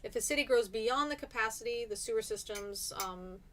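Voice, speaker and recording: A woman's voice: fairly high pitch, brisk, fairly bright tone, a little hiss or hum. Chatty woman teaching a live-streamed class. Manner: chatty, encouraging, reads out student answers.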